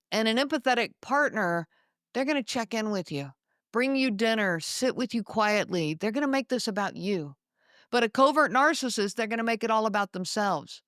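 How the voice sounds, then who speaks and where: A woman with a slightly high voice hosts an educational podcast in a calm, measured monologue. She slows down to lean on the words that matter. The recording is dry and close, with no room echo. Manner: measured, slowing down to stress key words. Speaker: podcast host.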